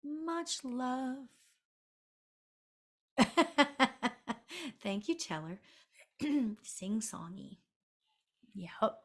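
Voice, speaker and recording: A middle-aged woman medium talking through a live online reading in a chatty, sing-songy way. Her voice sits a little high, and she laughs easily and fills her talk with likes and okays. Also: sing-song, extremely slow, long pauses. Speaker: spiritual medium.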